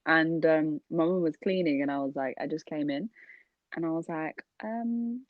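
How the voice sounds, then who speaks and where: Low-voiced woman telling animated stories. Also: normal speed, no room sound. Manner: animated storyteller, acts out quotes with big pitch jumps. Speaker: podcast co-host. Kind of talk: casual chat, personal storytelling. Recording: dull, lo-fi, dry sound.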